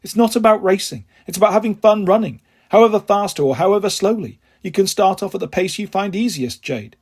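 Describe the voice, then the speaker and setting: A man voicing a kindly middle-aged male PE teacher who speaks gently and encouragingly, with a husky voice. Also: high voice, lively intonation, fairly quick, heavily acted.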